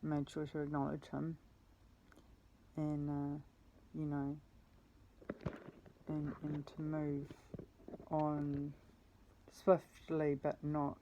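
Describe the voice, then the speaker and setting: A woman recounting her week in a rambling, self-correcting way, swearing now and then. Her voice sits low and flat, with a gravelly, mellow tone. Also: slow pace, long pauses, highs cut off, noisy background. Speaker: vlogger. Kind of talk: rambling personal storytelling.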